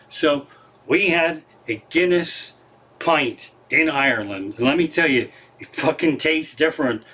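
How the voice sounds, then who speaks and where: A man from Pennsylvania tells a rambling, profane story on his home livestream. His voice sits a little high, and he gets excitable and animated as he swears his way through the retelling. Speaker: comedian hosting his livestream show. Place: home living room.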